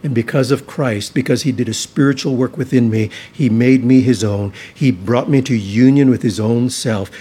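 A man preaching a sermon as pastor, earnest and emphatic, slowing down to stress key words. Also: medium pitch, dark tone, slightly rough.

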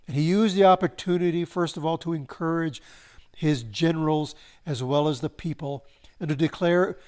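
A man preaching a sermon, swelling to emphasis and slowing into solemn pauses. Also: on the high side, darkish tone. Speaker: pastor.

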